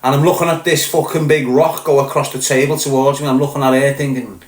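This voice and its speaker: Talking fast with hardly any pauses, a middle-aged Liverpool livestream host uses a medium-pitched voice with little pitch movement. He entertains his live chat with crude, boastful, profane stories and answers viewers by name, all in a roomy, echoing space.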